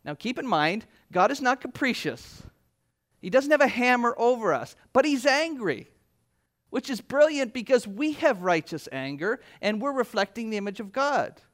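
A man preaching a sermon, retelling scripture in his own words and acting out the speakers in lively voices. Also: very high-pitched, normal speed. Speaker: pastor.

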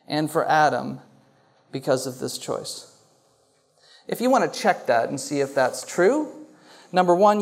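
Man, pastor, sermon, high voice, animated, questions to the congregation. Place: church hall before a congregation.

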